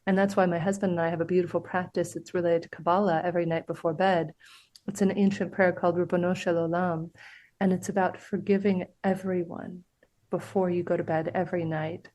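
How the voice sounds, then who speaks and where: A woman with a fairly low voice speaks as a podcast guest. She tells her stories earnestly and expressively, letting her voice rise as a story builds. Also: flat delivery, fairly quick, a little mellow. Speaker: podcast guest, author and TV host. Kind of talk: conversational interview.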